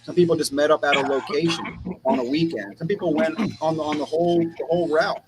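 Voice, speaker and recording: A man's voice: a little high, fairly even intonation, brisk, over loud music, low-quality recording. A man from Texas, a guest in a casual conversation, who rambles and repeats words as he tells stories.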